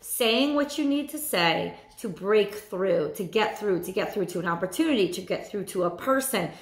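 A woman's voice: mid-range voice, animated, normal speed. Woman tarot reader in an echoey room. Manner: repetitive, emphatic, voices inner thoughts. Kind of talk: casual tarot reading.

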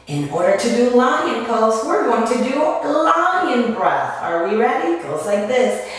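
Slow singsong woman teacher, echoey room. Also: a little high, big pitch swings, distant mic. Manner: slow, singsong storytelling with animal sounds. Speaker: dance and yoga teacher. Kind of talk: children's movement lesson with story.

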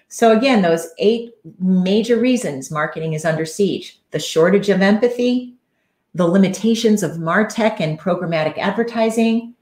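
A woman's voice: lowish voice, reverberant. A woman coach giving an earnest, conversational solo talk on a live stream, with frequent fillers.

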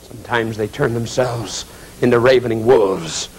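A man voicing a guilt-ridden traitor tormented in hell, swinging from hushed confession to anguished shouting. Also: medium pitch, normal speed, breathy edge, pitched below the performer's own voice, lightly acted. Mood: frantic torment.

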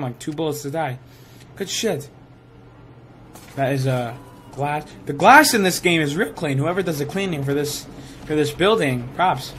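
A young man giving live commentary while playing a shooter game, excitable and swearing, sometimes saying he is tired. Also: on the high side, a little hiss or hum. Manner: excitable, swears, yells at kills. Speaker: gaming streamer.

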